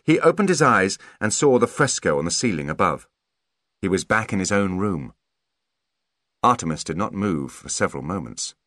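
A male narrator reading a novel aloud in a measured, expressive way. His voice sits on the low side and moves widely in pitch. The recording is dry and close, with no room echo. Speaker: audiobook narrator. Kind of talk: scripted narration.

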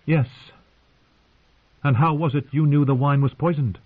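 A man reading aloud, voicing a proud, wounded young queen who asks sharp, accusing questions, heard through narrow phone-like sound. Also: a little high, fairly even intonation, a little slow, pitched above the performer's own voice. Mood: bitter.

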